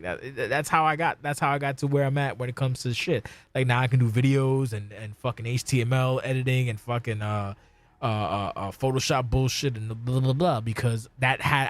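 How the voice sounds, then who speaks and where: A middle-aged man hosting a podcast, talking bluntly and profanely in casual chat, ranting about how he works with people. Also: mid-range voice. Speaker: podcast host.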